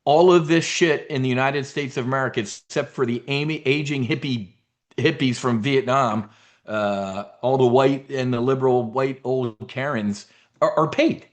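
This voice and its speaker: A man's voice: medium pitch, normal speed. Blunt, rambling man hosting a briefing. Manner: blunt, swears freely, rambling asides. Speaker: host of an investing briefing. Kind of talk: casual live commentary.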